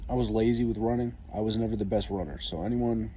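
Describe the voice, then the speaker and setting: A man's voice: fairly low pitch, steady tone, fast, warm tone, a little hiss or hum. A man telling a story in a casual vlog, profane, wry and laid-back, as an army veteran.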